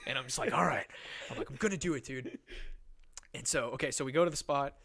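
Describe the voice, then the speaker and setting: A young man hosts a podcast in a fast, fairly high, somewhat bright voice. He rambles through a story in casual conversation, laughing and swearing often.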